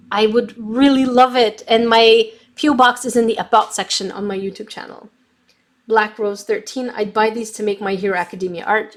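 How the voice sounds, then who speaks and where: A young adult woman casually chatting on a craft livestream, reading viewer comments while testing markers, with a slight cough from bronchitis. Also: a little high. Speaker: craft YouTuber reading live chat.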